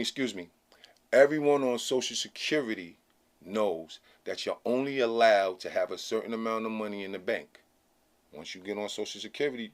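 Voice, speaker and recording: Blunt, emphatic man hosting his channel. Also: on the low side. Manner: emphatic and repetitive, keeps asking "okay?"; blunt, slangy and profane. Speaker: channel host. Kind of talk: casual commentary to camera.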